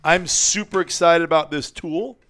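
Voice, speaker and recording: A man's voice: fairly high pitch, normal speed, fairly bright tone. A man hosting a podcast in casual chat, rambling and chuckling, often restarting his sentences. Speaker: podcast host.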